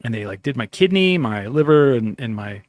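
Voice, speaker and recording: A man's voice: medium pitch, lively intonation, moderate pace, no echo. A man hosting a podcast, telling a long story in a loose, rambling way with plenty of swearing, acting out bits of dialogue as he goes. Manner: rambling, profane, acts out his own dialogue. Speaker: podcast host. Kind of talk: casual storytelling chat.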